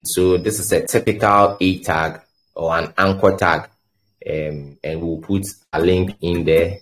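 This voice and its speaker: A coding instructor with a low, steady voice talks a little slowly through a screen-share tutorial. He explains step by step and thinks out loud, often stumbling and repeating words as he types.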